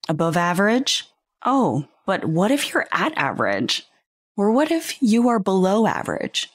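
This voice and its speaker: A podcast host with a mid-range, sing-song voice speaks at a normal pace, earnestly reflecting in a conversational monologue and asking the listener rhetorical questions. The audio is clean studio sound without any room tone.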